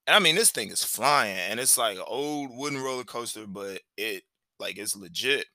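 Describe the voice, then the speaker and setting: A lowish male voice with a sharply bright, forceful edge, heard very dry and close. He is a podcast host telling a personal story, rambling casually and sprinkling in plenty of "like" and "you know.". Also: expressive, normal speed, dry recording. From Cleveland, Ohio, USA. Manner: loose and conversational, full of "like" and "you know".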